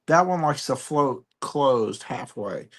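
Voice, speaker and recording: A man hosting a live online sale, joking and describing items deliberately. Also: mid-range voice, expressive. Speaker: auction host.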